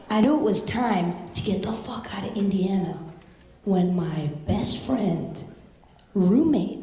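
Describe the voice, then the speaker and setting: A woman's voice: mid-range voice, dark tone. A young woman doing a stand-up comedy set, brash and profane with punchy delivery, on a handheld mic at a comedy club stage. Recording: roomy club sound.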